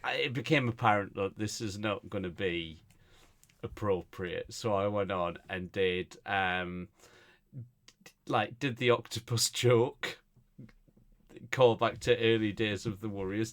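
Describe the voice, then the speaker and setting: A man's voice: lowish voice, a little slow. A man co-hosting a casual podcast, telling a meandering comedy anecdote full of restarts. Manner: meandering storyteller, many fillers and restarts. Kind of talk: casual chat, rambling anecdote.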